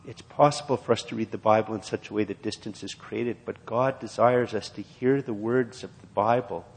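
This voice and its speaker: A man's voice: on the low side, steady tone, fairly quick. Earnest male preacher in a reverberant hall. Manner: earnest, repetitive preaching cadence. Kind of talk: sermon with scripture reading. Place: church.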